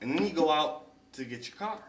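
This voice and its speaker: Animated, foul-mouthed young man telling a story. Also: on the high side, a little fast, far from the mic, background noise. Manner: animated, profane storyteller who acts out other people's lines. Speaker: podcast host. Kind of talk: casual storytelling chat. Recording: echoey room, slightly off-mic.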